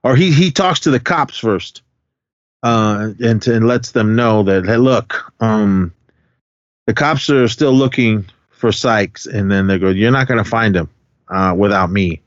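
Speaking at a measured pace in a fairly low voice, this male co-host retells a film's story for a podcast, meandering with fillers and quotes. The lo-fi audio is dull and dry, with no room sound.

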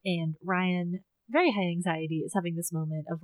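A woman co-hosting a podcast, recapping a story in animated casual chat, acting out quotes and laughing. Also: on the low side, a little fast, hardly any pauses, no echo, rough recording. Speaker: podcast co-host.

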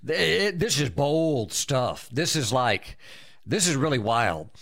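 A man's voice: medium pitch, big pitch swings, slow pace, creaky, fairly bright tone. A man preaching a sermon, emphatic, breaking into exclamations of praise and often repeating and restarting his words.

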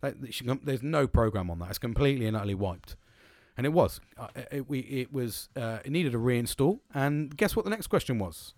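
Male podcast host, casual profane ramble, average pitch, dry recording. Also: lively intonation, a little fast, darkish tone, no echo. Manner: rambling and heavily profane, with frequent restarts. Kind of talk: casual solo podcast monologue.

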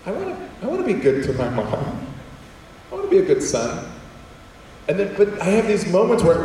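A man, a comedian and former teacher, telling humorous stories to an audience in an animated, self-deprecating way and acting out quotes. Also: fairly high pitch, a little hiss or hum. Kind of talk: humorous storytelling talk to an audience. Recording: echoey hall heard from far off.

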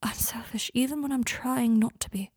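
A woman voicing a troubled, self-critical young man who speaks in a hushed, halting way, often near a whisper. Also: fairly high pitch, steady tone, husky, no echo, clean studio sound, pitched above the performer's own voice.

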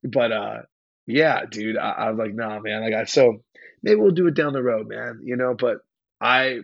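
Brief: young male guest, rambling slangy storyteller, husky voice, dry close sound. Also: mid-range voice, normal speed, no echo, lo-fi sound. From California. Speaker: hardcore band vocalist, podcast guest. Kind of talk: casual interview chat.

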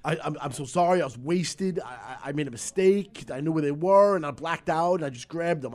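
Guest, middle-aged New man, fast animated yarn-spinner with a bit of a high voice. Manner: animated storyteller, swears freely, acts out voices. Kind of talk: casual storytelling interview.

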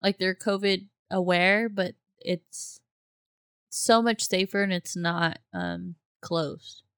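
A woman in relaxed casual conversation who chats along, laughs easily and repeats the other speaker's words. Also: mid-range voice, slow pace, clean tone, dry recording, clean studio sound. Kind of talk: casual chat.

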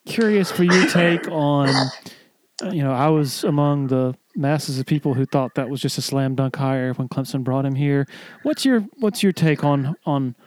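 A man's voice: mid-range voice, measured pace, a little hiss or hum. A man interviewing a guest, asking rambling questions full of fillers and restarts. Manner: hesitant, searching for words with many fillers.

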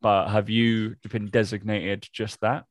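A man's voice: fairly low pitch, little pitch movement, a little slow, no room sound, studio quality. A man co-hosting a podcast in casual, teasing chat that rambles between jokes. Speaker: podcast co-host.

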